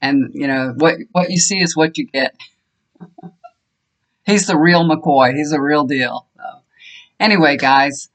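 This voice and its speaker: A woman's voice: deep voice, moderate pace, a bit bright. Chatty older woman telling home stories. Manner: rambling, chatty storytelling with fond laughter. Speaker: tarot reader and energy healer. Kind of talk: casual chat to viewers. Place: home room, fan switched off.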